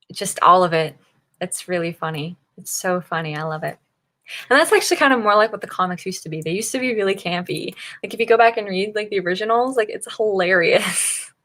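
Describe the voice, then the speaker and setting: A woman's voice: fairly low pitch, moderate pace, sharp tone. A woman from Northern Virginia, hosting a writing-sprint livestream and chatting casually with viewers, laughing often as she reacts to chat. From Northern Virginia, USA.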